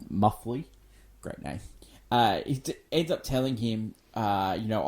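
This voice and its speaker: A man's voice: on the low side, very animated, a little slow, a little mellow. A man co-hosting a casual movie podcast, retelling scenes with enthusiasm and plenty of fillers and restarts. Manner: enthusiastic, rambling, many fillers. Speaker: podcast co-host. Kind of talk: casual film discussion.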